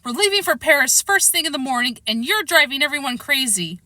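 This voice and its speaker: A stern, exasperated mother, as a woman reader puts her on, snapping out clipped commands at her son. The voice sits fairly high and bright, with a forceful edge. It is recorded dry and close, with no room sound. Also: lively intonation, fairly quick, no room sound. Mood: scolding. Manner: sharp, scolding commands.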